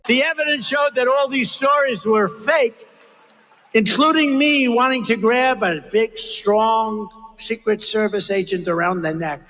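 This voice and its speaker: Older male rally speaker, higher-pitched, rambling and repetitive, long hall reverb. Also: measured pace, bright, forceful tone. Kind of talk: rally speech. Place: large campaign rally venue.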